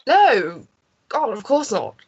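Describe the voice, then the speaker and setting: A woman's voice: fairly high pitch, huge pitch swings, takes it slowly, husky, dull audio. A woman playing in a tabletop game, reacting in a wry, dramatic way. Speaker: player.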